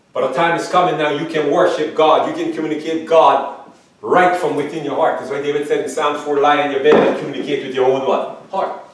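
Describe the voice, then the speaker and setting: Male pastor, sermon delivery, slightly high pitch, distant mic in a very reverberant church. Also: slight background noise. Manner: preaching, rises loud and high reading scripture; asks the congregation "Amen?". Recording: echoey hall from far off.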